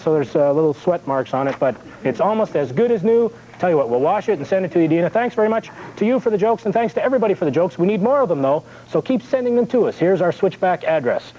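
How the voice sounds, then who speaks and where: Animated man hosting a 1980s TV show. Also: high voice. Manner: chatty, jokey, animated delivery. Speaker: kids' TV show host. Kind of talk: on-air joke reading and announcements. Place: TV studio. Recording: dull lo-fi 1980s VHS TV recording with faint hiss.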